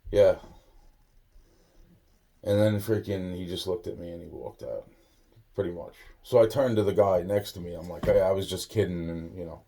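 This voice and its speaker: Low husky man telling a rambling story. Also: normal speed, long pauses, warm tone. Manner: rambling, profane, many restarts. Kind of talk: casual spoken anecdote.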